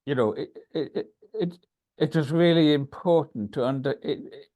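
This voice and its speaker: A man from Scotland with a Scottish accent, a podcast guest telling stories in an animated way. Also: moderate pace. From Scotland, Isle of Lewis. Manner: animated storyteller, pitch leaps when excited. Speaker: guest, writer. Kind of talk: conversational storytelling.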